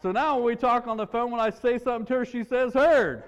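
A man's voice: very high-pitched, level tone, fast, clear, resonant tone, in a large hall, dull audio. A man preaching a sermon in a church, in an earnest, conversational way, repeating his words as he tells a story.

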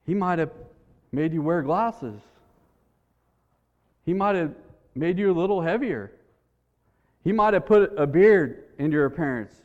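A man's voice: fairly high pitch, expressive, a little slow, long pauses, long reverb tail, narrow, tinny audio. A man preaching a sermon in a church, in an earnest, conversational way, repeating his words as he tells a story.

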